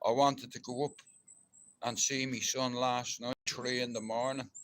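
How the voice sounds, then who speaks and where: A middle-aged Irish man chatting on a live stream, rough-spoken and swearing heavily, and loud and ranting once he gets fired up. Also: medium pitch, little pitch movement, a little slow. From Ireland. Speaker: livestreamer. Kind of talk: casual live-stream chat.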